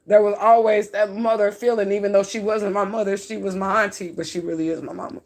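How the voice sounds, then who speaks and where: Woman, tearful storytime monologue, blunt and profane, mid-pitched voice. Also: steady tone, quick pace. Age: adult. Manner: raw, outspoken, profane, tearful at times. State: crying. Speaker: spiritual reader talking to her followers.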